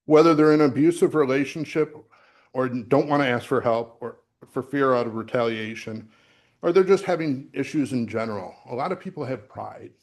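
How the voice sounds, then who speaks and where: A man's voice: mid-range voice, moderate pace. A middle-aged man giving a sermon as associate minister, talking in a conversational way with fillers and restarts, recorded in a church sanctuary. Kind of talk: sermon with personal story.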